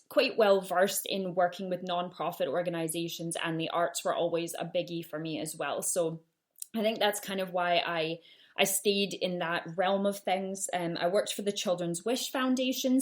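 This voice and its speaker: A woman in her thirties with a Canadian accent and a slight Glasgow twang, telling her own story on a solo podcast in a chatty, self-deprecating way. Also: lowish voice. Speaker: podcast host.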